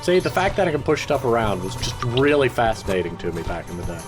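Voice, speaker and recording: A man's voice: mid-range voice, very animated, quick pace, music in the background. A man hosting a gaming channel, chatting through a let's play with nostalgic asides.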